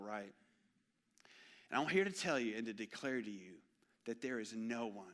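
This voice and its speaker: A man, preaching an animated, joking sermon in a church. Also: mid-range voice. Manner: storytelling, animated and jokey. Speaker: pastor. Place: church sanctuary.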